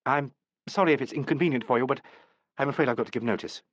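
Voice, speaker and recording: A man's voice: mid-range voice, quick pace, no echo, lightly acted. A man reading the part of an earnest young woman, a theatre dresser and understudy, in a pleading, apologetic way.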